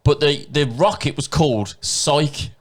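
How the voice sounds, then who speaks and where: A man's voice: fairly high pitch, unhurried. An English man co-hosting a podcast, telling stories in casual chat, swearing and laughing often. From England. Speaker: podcast co-host.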